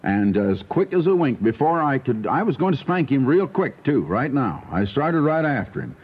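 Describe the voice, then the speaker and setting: A man's voice: medium pitch, moderate pace, breathy edge. An older man preaching a radio sermon, telling folksy stories from his own family life. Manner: folksy storytelling preaching, animated. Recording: tinny old radio broadcast.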